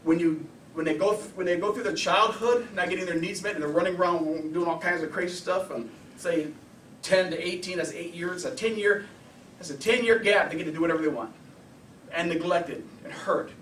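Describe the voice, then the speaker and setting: A man counseling and lecturing at a workshop, lively and full of rhetorical questions. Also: sits high, a little fast, echoey room, far from the mic, slight background noise, low-quality recording. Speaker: anger management counselor.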